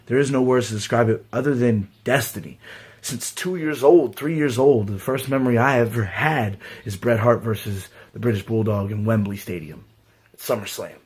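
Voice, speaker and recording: A man in his late twenties with a somewhat husky voice speaks earnestly and with emphasis. He is a pro wrestler giving a heartfelt testimonial, at a medium pitch. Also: moderate pace, darkish tone. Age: 20s.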